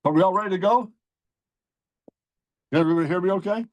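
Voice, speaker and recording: An older man from Scotland giving an emotional, earnest inspirational talk as a guest speaker, slowing down for emphasis. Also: high voice, dry recording, dull audio. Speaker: guest speaker, automotive designer.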